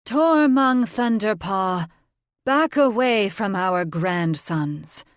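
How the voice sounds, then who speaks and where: A woman voicing an elderly, sharp-witted witch grandmother in an audiobook, brisk and scolding. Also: on the high side, animated, no echo, studio quality, voice pushed up. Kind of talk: audiobook character voice.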